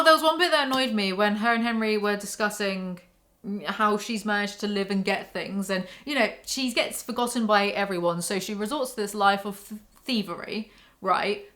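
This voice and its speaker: A woman's voice: mid-range voice, fairly bright tone. A young woman giving a casual spoken book review to camera at home. She rants candidly and swears freely.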